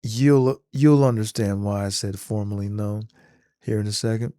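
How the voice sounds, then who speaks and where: A man casually retelling a movie scene in an animated, slangy storytelling manner. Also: on the low side, normal speed, dry recording, clean studio sound. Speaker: vlogger.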